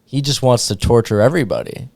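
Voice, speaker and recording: A man's voice: mid-range voice, animated, fast talker, gravelly, darkish tone, no room sound. A man hosting a podcast in casual chat, loose and rambling, full of 'like' and 'dude'. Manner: loose, filler-heavy, says 'like' and 'dude' a lot. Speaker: podcast host.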